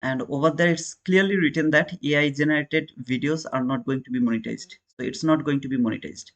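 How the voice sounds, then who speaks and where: A man's voice: on the high side, brisk, fairly bright tone. A man with an Indian accent chatting casually with viewers while he hosts a live trading stream, calling them brother and answering chat. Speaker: day trader and live-stream host.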